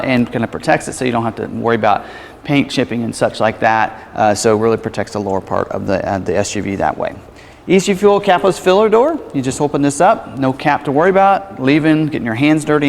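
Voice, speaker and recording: A man's voice: mid-range voice, gravelly, long reverb tail, slight background noise. A man working as a car salesperson gives a casual walkaround of a vehicle at a dealership, explaining its features with frequent fillers and self-corrections.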